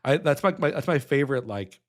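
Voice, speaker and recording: A man's voice: mid-range voice, expressive, fairly quick. A young adult man streaming, reacting with emotion, choked up and nostalgic, humming a melody now and then.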